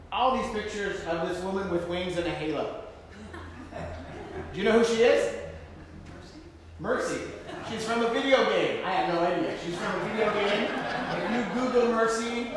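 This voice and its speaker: A man preaching a conversational sermon, telling a self-deprecating personal story with frequent fillers and asides. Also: a little high. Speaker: pastor. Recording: echoey hall, faint room noise.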